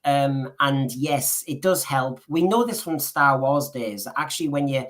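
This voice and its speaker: Chatting loosely on a podcast he co-hosts, this man wanders along and keeps repeating words as he restarts sentences. He speaks unhurriedly in an expressive, mid-range voice with a fairly bright tone.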